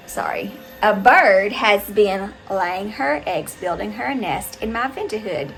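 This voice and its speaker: A middle-aged woman from the Southern US with a Southern accent, chatting to viewers as she tells a story in her vlog, animated and talkative. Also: medium pitch, rough recording. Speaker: vlogger. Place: her house, indoors and out.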